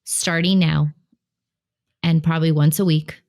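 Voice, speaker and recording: Woman co-host, slightly low voice, bossy-teasing and super into it. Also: fairly even intonation, a little slow, darkish tone. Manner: playful, bossy teasing, enthusiastic. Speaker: podcast co-host. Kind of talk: casual film chat.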